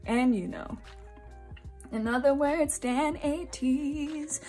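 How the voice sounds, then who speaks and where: A young woman from Singapore chatting casually while unboxing albums, giggly and gushing, now and then breaking into high squeals. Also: steady tone, slow, a little mellow, faint music behind. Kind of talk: excited casual chat.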